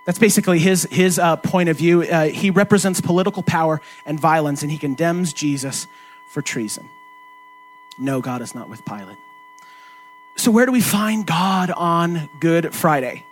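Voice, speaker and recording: A man's voice: fairly high pitch, animated, normal speed, faint music behind. A male pastor preaching a sermon in a conversational way, restarting phrases and asking the congregation questions.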